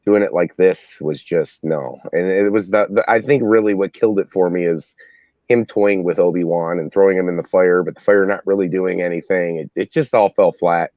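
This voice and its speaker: A man co-hosting a casual review chat, talking hesitantly with many pauses and fillers. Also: low-pitched, steady tone, a little mellow, dry recording. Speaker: podcast co-host. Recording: dull, dry, lo-fi audio.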